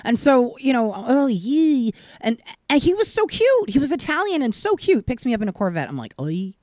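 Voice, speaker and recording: Animated joking woman co-host. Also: sits high, fast talker, no room sound, clean studio sound. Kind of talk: casual banter.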